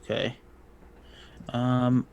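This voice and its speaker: Male player, low monotone, slow and terse. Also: highs cut off, a little hiss or hum. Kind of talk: in-character tabletop play.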